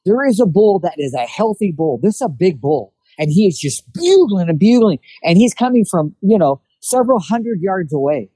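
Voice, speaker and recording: A man's voice: high-pitched, moderate pace, few pauses, slightly rough, no room sound, rough recording. A man telling a hunting story in a casual chat, acting out what people said. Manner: animated storyteller acting out quotes. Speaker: guest telling hunting stories.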